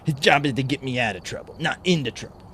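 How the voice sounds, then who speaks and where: A man's voice: medium pitch, quick pace, very noisy. A young man streaming a horror game live, chatting with his viewers in a mock-exasperated, joking way. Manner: animated, mock-exasperated banter with chat. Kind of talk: casual live-stream chat.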